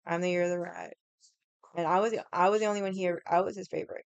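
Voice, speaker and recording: A woman spins a casual, rambling story, blunt and full of swearing. Her voice sits low with a gravelly fry. The sound is dry and close. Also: steady tone, quick pace, no room sound. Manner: blunt, profane, rambling with many "like"s. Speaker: vlogger.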